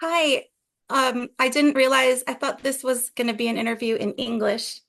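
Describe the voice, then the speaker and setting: A bright, high-pitched young woman with an American accent, chatting as a podcast guest. She is from Los Angeles. Her talk is playful and teasing, and she jokes at her own expense. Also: steady tone, normal speed, gravelly. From Los Angeles, USA. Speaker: comedian guest. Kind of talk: casual podcast chat.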